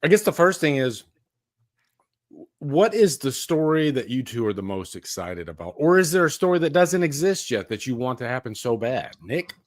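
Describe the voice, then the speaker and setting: A man's voice: medium pitch, very animated, moderate pace. A man hosting a live horror news stream, chatting casually and laughing often. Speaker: podcast host.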